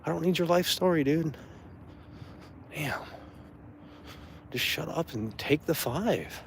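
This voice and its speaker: A man's voice: fairly high pitch, animated, slow, creaky, slight background noise. A man ranting angrily in casual talk, swearing freely and mocking someone who annoyed him. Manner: angry, profane ranting; mocking impressions in a raised voice. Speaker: streamer.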